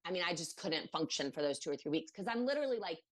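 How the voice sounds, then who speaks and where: A woman's voice: lowish voice, fast. A woman from Maryland, a podcast guest, telling a personal story in a casual interview, acting out what others said, with many fillers. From Maryland, USA. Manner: animated, acts out quoted voices, many fillers.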